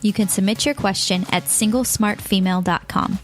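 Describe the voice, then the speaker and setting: A woman's voice: medium pitch, fairly quick, loud music behind the voice. A woman co-hosting a podcast in casual chat, laughing often as she talks. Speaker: podcast co-host.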